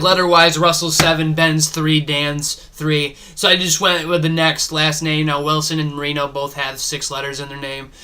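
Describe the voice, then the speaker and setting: A man's voice: fairly high pitch, bright, forceful tone, smooth. A young man giving casual, rambling commentary over his own football video game, thinking aloud with fillers as he drafts and plays. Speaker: gaming YouTuber.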